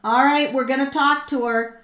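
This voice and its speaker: A middle-aged woman with a high voice hosts a live tarot reading. She is excitable and thinks aloud, full of ums and repeated words. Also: moderate pace. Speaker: tarot reader and livestream host.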